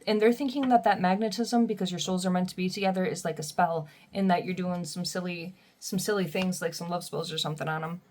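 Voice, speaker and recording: A young woman giving a casual tarot reading, chatty and quick to laugh as she reads the card messages aloud. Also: lowish voice, steady tone, a little mellow. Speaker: tarot reader.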